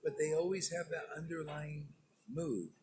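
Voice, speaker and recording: A man preaching to his followers in a loose, conversational sermon, stern and emphatic. His voice sits a little higher than most men's. A steady hiss of background noise runs under the recording. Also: moderate pace, poor audio. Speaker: spiritual teacher. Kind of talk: informal sermon to disciples.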